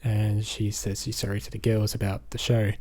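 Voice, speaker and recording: An Australian man, a movie reviewer, gives a rambling, casual recap of a film and fills the gaps with "basically" and "um." He speaks in a lowish, darkish voice, flat in delivery and moderately paced.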